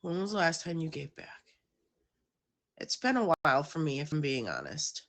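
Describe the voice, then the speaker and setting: A woman's voice: deep voice, very animated, moderate pace. A woman hosting a casual livestream, talking straight to her viewers in a rambling, chatty, self-conscious way. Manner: talks directly to viewers. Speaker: livestream host.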